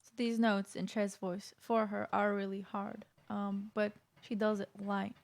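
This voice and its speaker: Female vocal coach, mid-pitched, explaining singing technique off the cuff in a casual reaction format. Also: flat delivery, a little slow, gravelly, loud music behind the voice. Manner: explanatory, loose and conversational with frequent restarts.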